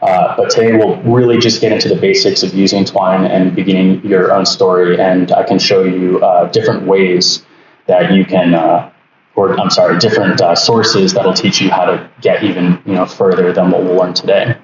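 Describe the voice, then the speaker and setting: The instructor's voice is low and flat, at a moderate pace, as he guides an online workshop walkthrough from home on a video call, full of fillers and restarts. The audio is lo-fi, distant, echoey, and noisy.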